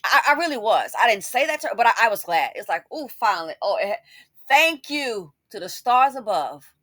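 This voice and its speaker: Sassy scolding woman, high voice, all over the place. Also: big pitch swings, a little fast, a bit bright, no room sound, studio quality. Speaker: commentary host. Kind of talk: casual commentary.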